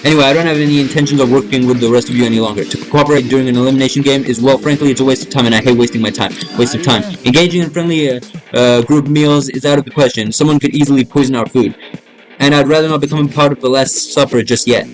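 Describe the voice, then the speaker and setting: A man voicing a cold, arrogant heir to a fortune, a teenage boy who talks down to everyone in a measured, haughty way. The lines are read from a video game over clearly audible background music. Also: medium pitch, fairly even intonation, natural voice. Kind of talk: reading game dialogue aloud.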